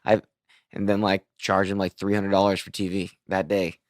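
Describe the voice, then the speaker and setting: Male podcast host, low voice, dry close mic, swears a lot, laughs through his stories. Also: level tone, normal speed, no room sound. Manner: crude, laughing storyteller. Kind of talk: casual podcast chat.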